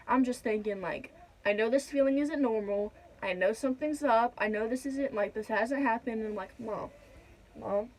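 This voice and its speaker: A woman's voice: on the high side, a little mellow, a little hiss or hum, poor audio. A young woman casually telling her birth story in a vlog, rambling with lots of fillers. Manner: rambling, many "like" and "whatnot" fillers.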